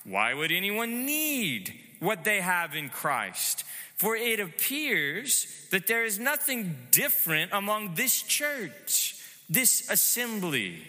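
A man preaching a sermon, measured and emphatic, asking rhetorical questions. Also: on the high side, sharp tone, in a large hall. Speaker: pastor.

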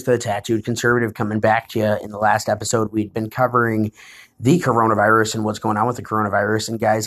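Tired, gravelly-voiced man. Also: on the low side. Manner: urgent, repetitive addresses to "guys". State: tired, yawning. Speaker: political commentary host. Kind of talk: casual political commentary.

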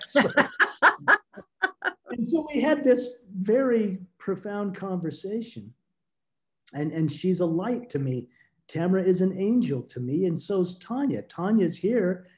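Speaking in a high-pitched, dark-toned voice with big swings in pitch, a guest author relates a personal story during an interview. He is sincere and reflective, stumbling and repeating words as he looks for them whenever emotion takes hold.

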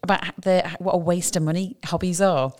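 A British woman chatting casually on a podcast, self-deprecating and quick to laugh. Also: fairly low pitch, fairly even intonation, darkish tone. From United Kingdom. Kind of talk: casual chat. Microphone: podcast microphone.

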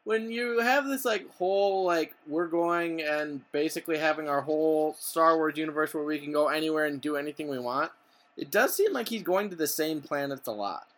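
A man's voice: fairly high pitch, moderate pace, a bit bright. Man arguing points on a podcast. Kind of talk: casual podcast chat.

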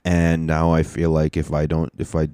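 A man's voice: very deep voice, monotone, normal speed, mellow, smooth, no echo, clean studio sound. A young man hosting a casual solo podcast, rambling in laid-back, profane slang. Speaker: podcast host and stand-up comedian.

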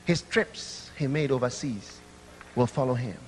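A young man preaching an impassioned sermon that rises to shouts. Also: mid-range voice, a little slow, big-room sound, slight background noise. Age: young adult.

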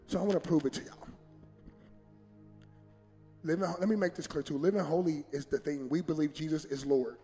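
A pastor preaches to his congregation in a colloquial, direct way. His voice sits a little high, and he acts out quotes with sudden loud bursts. The sound rings in a long hall reverb with faint music beneath. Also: a little fast, pauses often. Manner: preaching with dramatic voiced quotes and rising emphasis. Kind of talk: sermon. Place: church sanctuary.

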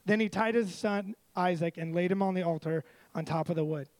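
A man with a high voice gives a relaxed, chatty sermon. He retells a Bible story with jokes and acts out the voices. The sound is close and dry, with no room around it. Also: fairly quick, no room sound, low-quality recording. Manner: casual, joking storyteller who acts out voices. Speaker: preacher.

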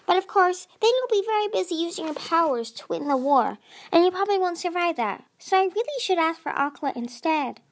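A woman's voice: extremely high pitch, lively intonation, a little fast, voice pushed up. A woman voicing a smug, haughty male sea dragon with an oozy, drawling voice.

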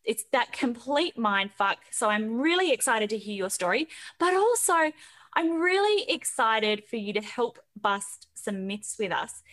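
A woman's voice: on the high side, very animated, a little slow, fairly bright tone. Blunt woman podcast host. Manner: blunt straight shooter who swears freely. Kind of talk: scripted intro then casual interview chat.

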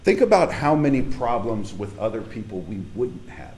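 A man's voice: mid-range voice, big pitch swings, moderate pace, a little mellow. Casual, emphatic male preacher. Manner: casual, emphatic, talks straight to the congregation. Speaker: pastor. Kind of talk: conversational sermon. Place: church hall with congregation.

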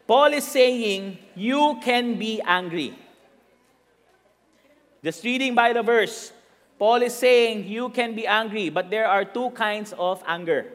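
A man with a Filipino accent preaching a sermon, mixing English and Tagalog, and rising to shouts for emphasis. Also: high-pitched, takes it slowly, in a large hall.

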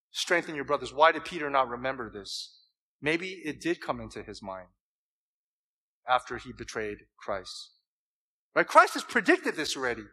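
High, bright-voiced man preaching. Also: moderate pace, poor audio. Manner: animated preaching, voicing scripture quotes with emphasis; joking asides to the congregation. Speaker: pastor. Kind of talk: sermon.

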